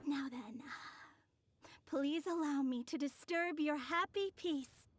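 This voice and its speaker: A woman's voice: sits high, takes it slowly, a little hiss or hum. An actress voicing a poised, mysterious young woman who speaks in a formal, courteous way, from a game with music behind.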